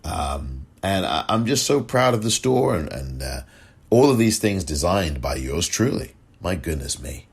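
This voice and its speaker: A man's voice: low voice, sing-song, measured pace, breathy edge. A man hosting his own political podcast alone, talking in a chatty, effusive way and thanking listeners over and over. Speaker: podcast host. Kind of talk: solo political podcast monologue.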